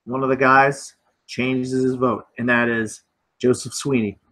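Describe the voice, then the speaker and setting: A man's voice: mid-range voice, level tone, measured pace, pushed and bright. A man hosting a casual film discussion, recapping the plot and leading the talk. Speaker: podcast host.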